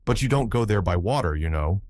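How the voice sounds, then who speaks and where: A male narrator voicing a wry, easygoing young gentleman with a dry, teasing way of talking. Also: on the low side, animated, brisk, no echo, natural voice.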